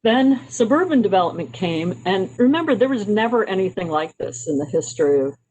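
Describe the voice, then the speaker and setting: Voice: medium pitch, sing-song, fairly quick, a little mellow, husky, rough recording. A presenter from Maryland walking a county committee through slides in a conversational way, with frequent um and uh fillers and restarts. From Maryland, United States. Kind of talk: informal slide presentation on urban history.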